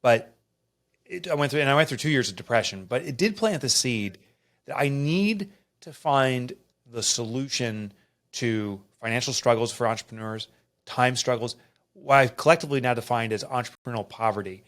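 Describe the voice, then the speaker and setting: Man, middle-aged, candid storytelling, earnest, lively when acting out scenes. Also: medium pitch, normal speed. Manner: earnest, emotional, animated when reenacting. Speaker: author and guest.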